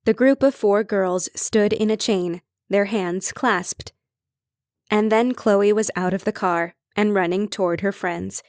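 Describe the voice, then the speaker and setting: A woman reading an audiobook in measured, even scripted narration. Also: mid-range voice, no echo, studio quality.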